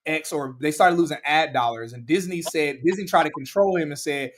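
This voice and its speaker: A man, hosting a casual podcast chat, animated and laughing as he acts out quotes. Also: fairly high pitch, fairly quick. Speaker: podcast host.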